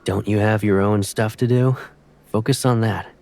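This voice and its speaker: An actor playing a sick young man who acts tough and brushes off help, his voice hoarse and cracking, curt and teasing. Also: fairly low pitch, steady tone, moderate pace, a little mellow. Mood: gruff, brushing off. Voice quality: gravelly. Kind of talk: game voice acting.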